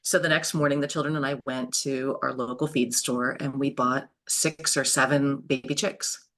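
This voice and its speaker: A woman, telling homestead stories in a lively, animated way as an interview guest. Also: a bass voice, normal speed. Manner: lively, animated storyteller with frequent laughs. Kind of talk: storytelling in an interview.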